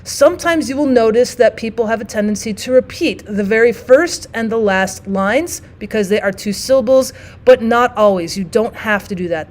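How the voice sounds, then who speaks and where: A woman teaching a lesson on poetry, explaining each form step by step and reading example poems aloud slowly. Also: medium pitch, darkish tone. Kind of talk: classroom lesson.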